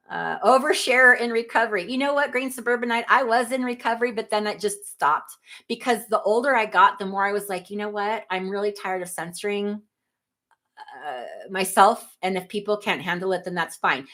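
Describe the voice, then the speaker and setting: A woman's voice: medium pitch, normal speed, a bit bright. Chatty middle-aged woman hosting a livestream. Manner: chatty, rambling, laughs often, apologetic. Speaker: livestream host. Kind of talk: casual chat reading live comments.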